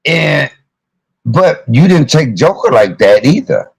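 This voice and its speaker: A man hosting a livestream, telling stories in an animated and profane way. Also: medium pitch, slow, vocal fry, husky, no room sound, low-quality recording. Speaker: livestream host. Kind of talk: heated live-stream commentary.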